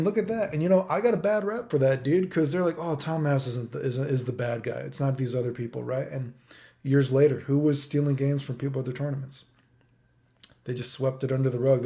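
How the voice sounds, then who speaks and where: A man rants to his channel audience in a mellow, dark-toned voice. He is heated and swears freely, and he keeps tagging his points with "right?". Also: mid-range voice. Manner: heated and profane, constant "right?" tags. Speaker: channel host. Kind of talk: ranting monologue.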